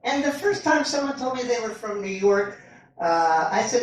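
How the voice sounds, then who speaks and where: A man doing a stand-up comedy set on a club stage, with a halting, meandering delivery and lively pitch swings. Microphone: far camera in the audience. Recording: echoey club recorded from far off. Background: audience laughter.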